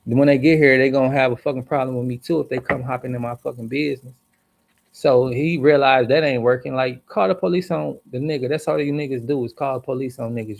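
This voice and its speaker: A man's voice: mid-range voice, creaky. A man livestreaming an angry, profane story with heavy emphasis. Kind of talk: heated storytelling rant.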